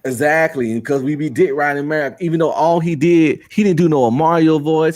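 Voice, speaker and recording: A man co-hosting a podcast in casual chat, slangy and opinionated, quick to agree. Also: fairly high pitch, a little mellow. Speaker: podcast co-host.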